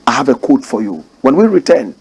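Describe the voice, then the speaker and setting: A man's voice: mid-range voice, big pitch swings, fairly quick, a little mellow, slightly rough. A Ghanaian man hosting a commentary show, preaching his views with rhetorical questions and repeated phrases. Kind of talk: impassioned commentary monologue.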